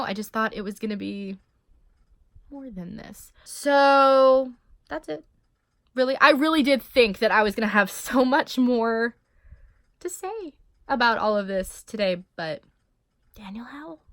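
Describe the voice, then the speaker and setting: A young woman chats straight to her camera in a loose, emotional vlog. She swears freely and leans on fillers. Her voice is mid-pitched and the sound is close and dry. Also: a bit bright, no echo. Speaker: vlogger. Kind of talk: casual vlog monologue.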